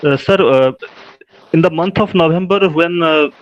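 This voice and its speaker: A man's voice: fairly high pitch, normal speed. A man, a student participant asking a polite, hesitant question in an online class. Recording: dull lo-fi online call audio.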